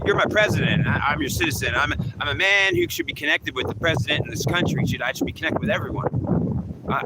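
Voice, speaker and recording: A man's voice: mid-range voice, very noisy. A man talking in a rambling, repetitive monologue, often restarting his sentences.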